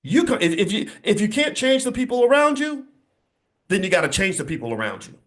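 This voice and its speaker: Animated, emphatic man giving a motivational speech. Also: high voice, brisk. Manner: preachy, emphatic, animated storytelling. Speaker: speaker addressing an audience.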